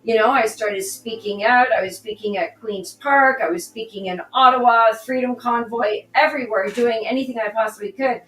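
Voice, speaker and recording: A woman, a political candidate on a podcast, talking through a personal story in an animated way and acting out the dialogue. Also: a little high, moderate pace, hardly any pauses. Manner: animated, re-enacts dialogue in her stories. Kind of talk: conversational storytelling. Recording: echoey room, distant mic, faint music.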